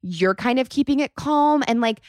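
A young woman in her twenties hosting a podcast, telling a rambling, animated story full of "like.". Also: high-pitched, normal speed, no echo, studio quality. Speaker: podcast host. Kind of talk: casual storytime monologue.

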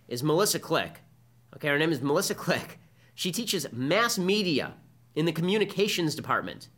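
A man hosting a political podcast, delivering fast, sarcastic, combative commentary. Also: on the high side, a bit bright.

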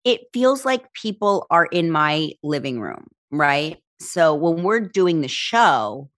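A woman's voice: low voice, slow. A woman talks casually as an interview guest. She tells her stories with energy, acting out voices and laughing often. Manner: animated storyteller, acts out voices, laughs often. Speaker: talk show host and author, guest.

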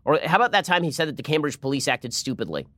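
A man hosting a political commentary show, arguing in a sarcastic, rapid-fire way. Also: a little high, big pitch swings, bright, forceful tone, dry recording, clean studio sound.

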